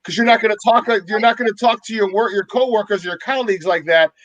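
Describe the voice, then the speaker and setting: A man's voice: high voice, fast talker, fairly bright tone, no room sound, lo-fi sound. A man co-hosting a sports talk show, emphatic and repeating words for stress. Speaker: co-host.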